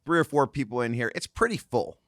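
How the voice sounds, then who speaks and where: Man telling a lively racing story. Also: medium pitch, brisk, no echo, clean studio sound. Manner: animated anecdote-telling with quoted voices. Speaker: guest host, former racing driver. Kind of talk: casual storytelling.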